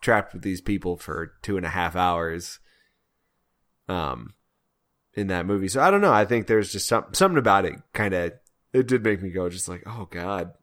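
Lower-voiced man musing about films. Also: lively intonation, normal speed, a bit bright. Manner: thoughtful, hesitant, trails off. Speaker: podcast co-host. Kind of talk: casual film discussion.

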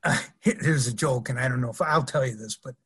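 An older man, once a pro wrestler, appears as an interview guest and tells rambling stories full of restarts and laughter. His voice is mid-range and husky, and he talks fast.

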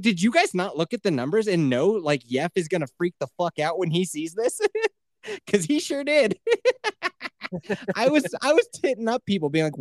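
A man co-hosting a casual chat show, telling a work story in an animated, profane way and laughing often. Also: high-pitched, no echo. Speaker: podcast co-host.

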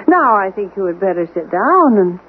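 A prim, unflappable butler in a radio play. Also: male voice, sits high, very animated, moderate pace. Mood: prim, composed. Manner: formal, unflappable, faintly condescending. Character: prim, proper male butler, calm and superior. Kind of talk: vintage radio drama acting. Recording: tinny lo-fi old radio recording with hiss.

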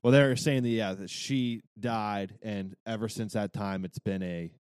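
A man's voice: fairly low pitch, steady tone, normal speed, a little mellow, smooth, no room sound. A man co-hosting a podcast in casual chat, hesitant at first and then eager to explain. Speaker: podcast co-host.

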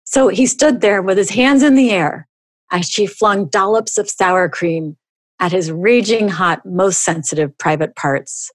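A middle-aged woman hosting a podcast, reading a comic story aloud with animated storytelling and sudden high jumps for dialogue. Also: a little slow, dry recording. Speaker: podcast host.

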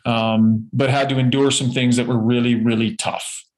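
A man, a former hockey player, telling a personal story in a relaxed, chatty way during an interview. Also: medium pitch, moderate pace, rough recording. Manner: relaxed, storytelling, acts out quotes.

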